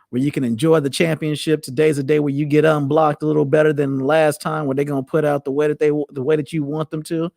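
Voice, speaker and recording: A man's voice: fairly high pitch, creaky, darkish tone, dry recording, clean studio sound. A man hosting a show, talking in a loose, rambling way with frequent restarts. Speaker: host. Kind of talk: casual monologue.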